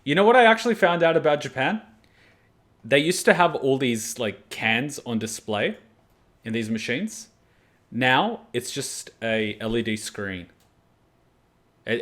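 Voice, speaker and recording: A man from Australia, hosting an anime reaction video and chatting casually with jokey, animated storytelling. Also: mid-range voice, a little slow. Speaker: anime reaction channel host.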